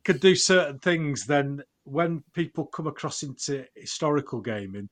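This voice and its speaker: A man's voice: fairly high pitch, moderate pace. Jokey male podcast host. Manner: jokey and enthusiastic. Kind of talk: casual podcast conversation.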